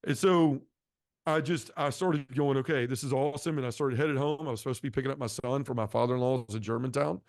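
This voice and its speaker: A man tells his life story earnestly and at a quick clip, acting out what people said. His voice sits in a middle register and is recorded close and dry, with no room sound. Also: mid-range voice, steady tone, darkish tone, no echo. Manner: earnest, acts out quoted dialogue. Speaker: podcast guest. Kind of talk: personal testimony storytelling.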